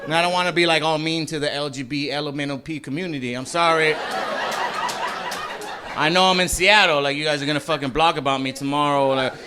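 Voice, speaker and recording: A man performing a live stand-up comedy set in a club, loose and profane, rambling with lots of fillers and shouting mock voices of angry people. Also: fairly high pitch, steady tone, brisk, background noise. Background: audience laughter.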